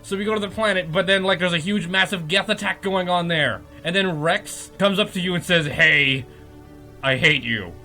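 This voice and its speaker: A man's voice: sits high, fairly even intonation, fairly quick, hardly any pauses, pushed and bright, soft background music. A man hosting a podcast, giving a comedic, profane recap of a game plot and laughing often. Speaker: podcast host.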